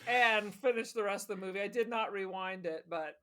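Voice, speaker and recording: A woman's voice: medium pitch, brisk, sharp tone, a little hiss or hum. A woman co-hosting a podcast, joking casually, trailing off and repeating words as she talks. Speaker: podcast co-host. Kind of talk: casual chat.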